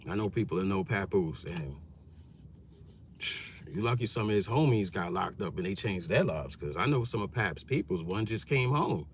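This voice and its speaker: Animated New man vlogging from his car. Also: deep voice, normal speed, slight background noise. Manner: animated, slangy storytelling. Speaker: YouTuber. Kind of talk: casual vlog commentary.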